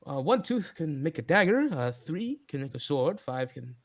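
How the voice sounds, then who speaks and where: A man's voice: fairly high pitch, big pitch swings. A man doing a sly needling broker. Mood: businesslike. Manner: sly, teasing, drawn-out.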